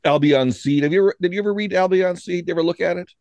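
A man's voice: sits high, racing, darkish tone, no echo. Musing man, dry close sound. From Washington State, US. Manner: musing, lecturing, many "I mean"s. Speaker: podcast co-host. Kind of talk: casual political chat.

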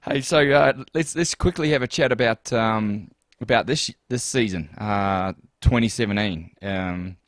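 Kiwi male podcast host, relaxed chatter, slightly low voice, dry close sound. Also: measured pace, hardly any pauses, dry recording. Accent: New Zealand. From New Zealand. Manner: chatty, easygoing, frequent fillers. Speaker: podcast host and cycling coach. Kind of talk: casual podcast chat.

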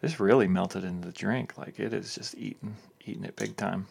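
A man's voice: on the low side, fairly quick, creaky, darkish tone, a little hiss or hum. A man in his thirties from northern Ohio, co-hosting a casual podcast in a rambling, jokey way. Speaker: podcast co-host. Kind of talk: casual chat.

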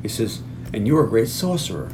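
A man's voice: lowish voice, big pitch swings, background noise. A man co-hosting a movie podcast, casually retelling scenes, laughing and swearing often. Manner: laughing, profane, retells scenes with quick voiced quotes. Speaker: podcast co-host. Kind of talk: casual movie recap chat.

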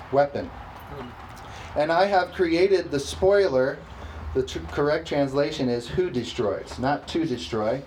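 A male pastor delivering a sermon, his voice a little higher than most men's. He reads scripture slowly and with emphasis, pausing for the congregation to answer back. A faint hiss sits under the recording. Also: a little mellow, rough recording. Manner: slow, emphatic preaching with call-and-response.

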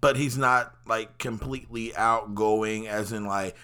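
Bright-voiced, talkative man. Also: fairly low pitch, steady tone, unhurried, clean tone. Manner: talkative, rambling, frequent fillers. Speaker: podcast host. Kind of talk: personal monologue.

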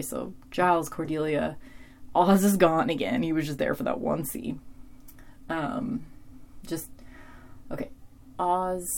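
Woman, low-pitched, chatty recapper with lots of fillers and giggles. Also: gravelly. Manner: chatty, giggly, many fillers, quotes characters in bright voices. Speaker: podcaster recapping a TV episode. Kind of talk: casual recap talk.

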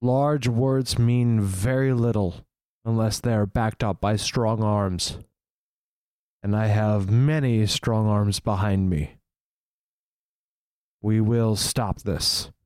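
A man's voice: lowish voice, fairly even intonation, takes it slowly, pauses often, a little mellow, no echo. A man voicing a stern, steadfast male knight in armor who speaks in grave, declamatory lines. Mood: resolute.

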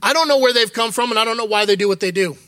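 Talking very fast, a middle-aged man gives a frank, conversational sermon in his role as associate church leader, weaving in quoted asides. His high-pitched voice is fairly bright and the recording has no echo.

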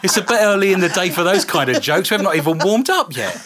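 A man's voice: high-pitched, big pitch swings, fast talker, a crowd in the background. A man hosting a live radio show, bantering and joking in a playful, teasing way. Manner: playful, teasing, laughs often.

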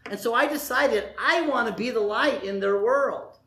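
A man preaching a lively, joking sermon, acting out short quotes as he goes. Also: extremely high pitch, normal speed, echoey room. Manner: animated, jokey preaching with acted-out voices. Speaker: pastor.

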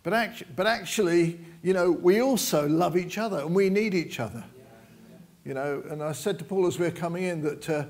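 Chatty older preacher, gravelly. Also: male voice, sits high, fairly quick, darkish tone. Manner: chatty, jokey, lots of "you know" asides. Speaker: visiting preacher. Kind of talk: informal sermon. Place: church.

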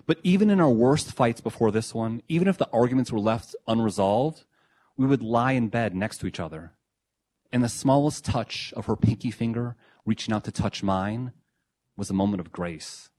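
A young adult man reading his own memoir essay in a reflective, measured, quietly emotional way. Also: medium pitch. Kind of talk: first-person memoir reading.

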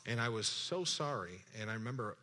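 A man giving a sermon-style personal testimony, telling the story with animated, emphatic delivery. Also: mid-range voice, brisk. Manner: animated storytelling, acts out dialogue, laughs often; earnest and emphatic. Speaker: speaker sharing a personal testimony.

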